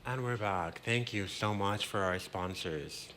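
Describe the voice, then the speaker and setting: A man's voice: lowish voice, measured pace, fairly bright tone, a little hiss or hum. A man hosting a cooking show in a kitchen, explaining a recipe step by step in a chatty, playful way and dropping in Spanish words. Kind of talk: casual cooking demonstration. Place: home kitchen.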